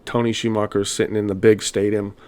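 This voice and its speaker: A man's voice: on the low side, little pitch movement, brisk, darkish tone. A man guest on a podcast, telling long rambling anecdotes in casual chat. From United States. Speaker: podcast guest, former goalkeeper.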